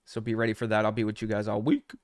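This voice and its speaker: A man's voice: fairly low pitch, completely flat delivery, racing, no echo, studio quality. A man teaching trading on a live stream, talking casually and swearing freely as he chats with viewers. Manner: casual, profane, talks straight to chat.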